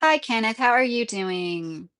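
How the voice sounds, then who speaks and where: A woman in her thirties, live streaming to her viewers. Her voice sits a little high, and she chats loosely, often laughing as she reads out messages from the chat. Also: expressive, a little slow, a bit bright. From Kentucky, USA.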